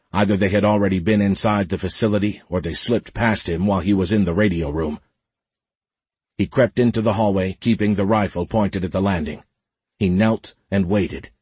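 Male narrator, husky voice, lowish pitch, dry close sound, steady reading. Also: no room sound. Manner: steady, measured storytelling. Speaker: audiobook narrator. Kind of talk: scripted narration.

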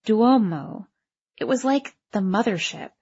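A woman's voice: mid-range voice, lively intonation, measured pace, creaky, a little mellow, breathy edge, muffled recording. A woman narrating a first-person story aloud, in a wry, self-conscious voice. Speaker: audiobook narrator.

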